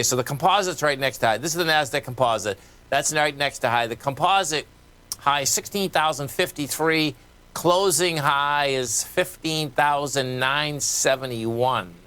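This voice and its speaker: A man with a Boston accent and a sharp-toned, mid-range voice hosts a live radio market show. He keeps things casual and folksy, reading numbers off charts as he talks.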